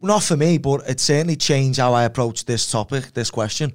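A man's voice: mid-range voice, fairly quick. A man, a fighter guest on a podcast, making his points bluntly and repeating them insistently. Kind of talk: casual chat.

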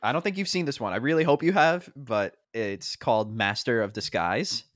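A man's voice: medium pitch, normal speed, fairly bright tone, dry recording, clean studio sound. A young man in his twenties co-hosting a podcast, telling stories in a rambling way, with lots of fillers and frequent laughs. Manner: rambling storyteller, heavy on fillers, laughs often. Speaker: podcast co-host. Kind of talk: casual chat.

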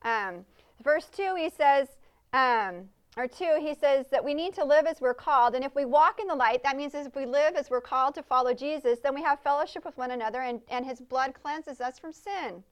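A woman's voice: high voice, moderate pace. Chatty woman preaching a conversational sermon. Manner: earnest, chatty, asks the congregation questions. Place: church service.

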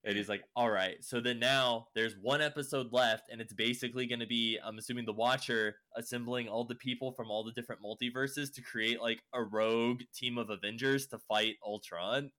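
Bright-voiced young man rambling casually. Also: medium pitch, steady tone, a little fast, hardly any pauses. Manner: rambling, heavy use of "like" and swearing. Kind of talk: casual chat recapping a show.

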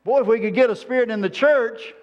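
A man preaches in a loose, folksy way, wandering from story to story in plain-spoken words. His voice sits high for a man. The sermon recording sounds dull and lo-fi. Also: fairly quick, a little mellow. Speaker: pastor.

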